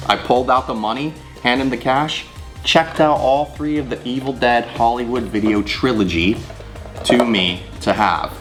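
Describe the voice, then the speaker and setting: A man in his thirties from California, telling a personal story on his vlog in an animated, profane way and laughing often. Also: medium pitch, moderate pace, soft background music. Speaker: channel host.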